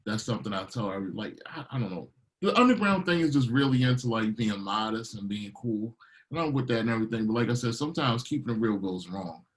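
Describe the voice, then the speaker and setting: A man's voice: lowish voice, quick pace, low-quality recording. A middle-aged man from Baltimore, a DJ and producer talking casually in an interview, telling stories with a lot of energy and acting out what people said. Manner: animated storyteller, acts out quotes.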